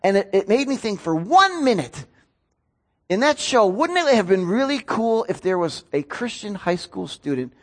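A man's voice: sits high, sing-song, normal speed. A man, a pastor preaching a sermon in an earnest, storytelling way. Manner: earnest, storytelling with rising emotion.

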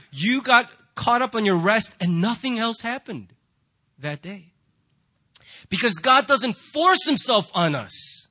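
Pastor guy giving a sermon in church, kinda high voice, jokey and lively. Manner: animated, jokey preaching with acted-out voices.

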